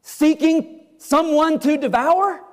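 A man's voice: very high voice, slow pace, pitched above the performer's own voice. A man voicing an earnest male pilgrim who urgently pleads with sleepers to wake up. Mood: urgent pleading. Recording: long hall reverb.

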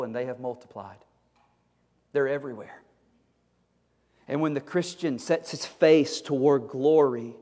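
A man's voice: medium pitch, dark tone. A male pastor preaching a fervent, exhorting sermon, often repeating his words as he presses a point. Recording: long hall reverb.

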